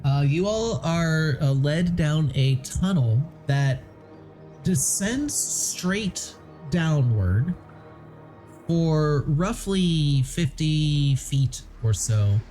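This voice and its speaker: A woman narrating a tabletop game as game master, laid-back, with frequent pauses and laughs. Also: deep voice, expressive, dark tone, soft background music, low-quality recording.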